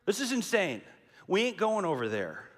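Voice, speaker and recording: A preacher doing panicky, shrill disciples. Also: male voice, wildly swooping pitch, normal speed. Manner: loud, high-pitched disbelief. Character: panicky incredulous male disciples, adult men. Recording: long hall reverb.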